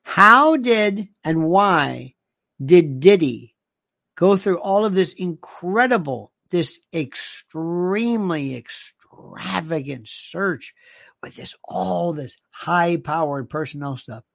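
An older host rambles through listener comments with a lively, swooping delivery that turns sharply indignant. The voice is close to the mic with a dry sound and no room echo. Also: mid-range voice, slow pace, creaky. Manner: animated, indignant, rambling, rhetorical questions. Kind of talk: monologue reading listener comments.

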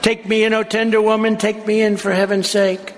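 A man's voice: high-pitched, level tone, brisk, pitched above the performer's own voice, lightly acted. A vicious sly snake, as a man reads him out. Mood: pleading. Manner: recited verse, sing-song refrain. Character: vicious sly male snake pleading to be let in. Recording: echoey hall with crowd noise.

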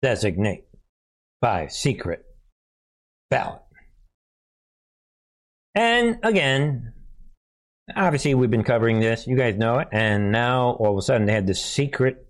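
A man hosting his own political commentary channel, talking casually to viewers, animated and chuckling often. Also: medium pitch, normal speed.

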